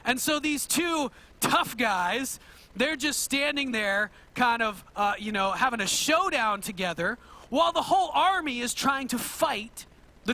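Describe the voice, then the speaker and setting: A man preaching a sermon, telling old myths with animated, conversational storytelling and questions to the congregation. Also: very high voice. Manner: asks the audience questions. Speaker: pastor.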